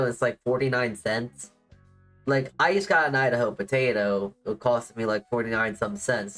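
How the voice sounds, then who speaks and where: A man chats on a livestream in a loose, rambling way, leaning on "like" and poking fun at himself. His voice sits at an ordinary middle pitch. Faint music plays quietly behind him. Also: rough recording. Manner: rambling, heavy on "like" fillers, self-deprecating. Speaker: VTuber streamer. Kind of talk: casual livestream chat. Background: faint music playing.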